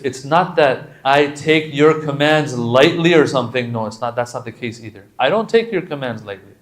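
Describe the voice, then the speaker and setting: A man giving a conversational, animated religious lecture with slangy asides and Arabic recitation. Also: medium pitch, moderate pace. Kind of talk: sermon.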